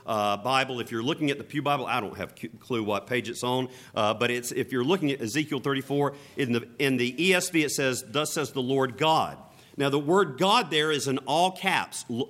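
A man's voice: mid-range voice, fairly bright tone. A man preaching a sermon as pastor, mixing casual asides and humor with emphatic repeated lines.

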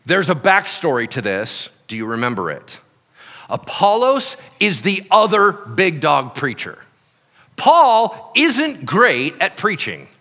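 Animated male pastor in an echoey hall. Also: a little high, takes it slowly. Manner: animated, acts out quotes and voices. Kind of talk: sermon. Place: church hall.

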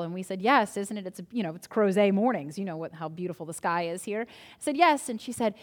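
A woman's voice: medium pitch, expressive, brisk. A woman pastor preaching a sermon, telling a story in a conversational way before turning to earnest reassurance.

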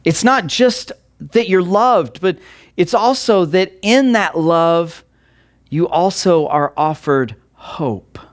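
A man preaching an online sermon as a pastor. He speaks earnestly and emphatically, asks listeners direct questions and repeats key words with long pauses. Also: high-pitched, lively intonation.

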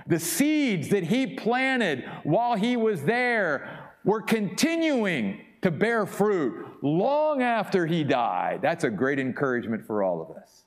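A man's voice: high-pitched, very animated, slow pace. A man preaching a sermon as pastor, emphatic and repeating his key points for weight.

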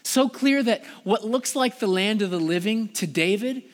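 A man preaches in a loose, conversational manner, leaning on "like" and pressing harder as he pleads his point. His voice sits high for a man. The sound carries a long reverb, as in a large church sanctuary. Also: normal speed. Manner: casual, conversational preaching with frequent "like"; passionate, rising in pitch and volume when pleading. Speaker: pastor. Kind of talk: sermon.

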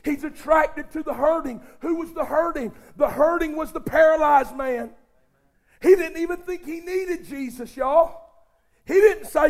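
A male preacher with a strikingly high voice delivers a sermon. He goes from near-whispered intimacy up to shouted fervor and keeps calling on the congregation to respond. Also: normal speed. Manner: addresses the congregation directly, calls for responses.

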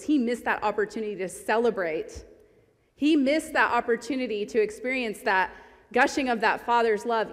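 A woman giving a sermon in an earnest, conversational way, reading scripture aloud along the way. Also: fairly high pitch. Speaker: preacher. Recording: long hall reverb.

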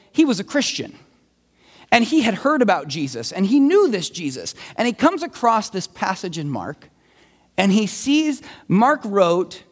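A young male pastor preaching with a high, lively voice that climbs and dips as he acts out his story. His talk rings with the long echo of a large hall. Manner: animated storytelling, acting out voices of scribes. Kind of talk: sermon.

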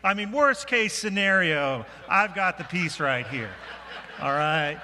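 A man preaching a sermon as pastor, talking in a relaxed, self-deprecating, conversational way with restarts. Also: a little high, a little slow. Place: church sanctuary. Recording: reverberant church sanctuary.

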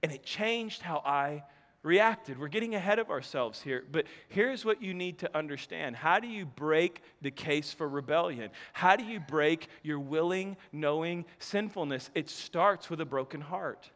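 A man in his thirties preaching a sermon, telling stories with quick laughing asides and restarts. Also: a little high, in a large hall. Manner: animated storytelling, self-interrupting, laughing asides. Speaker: pastor.

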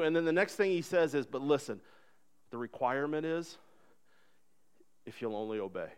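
A man's voice: a little high, animated, moderate pace, pauses often, clean tone. Earnest conversational male pastor preaching. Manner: earnest, conversational, acts out quoted voices. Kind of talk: sermon.

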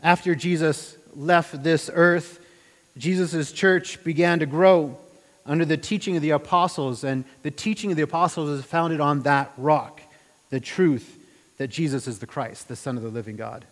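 A man's voice: on the high side, moderate pace. Man preaching in a reverberant hall. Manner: conversational, with restarts and rhetorical questions. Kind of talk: sermon.

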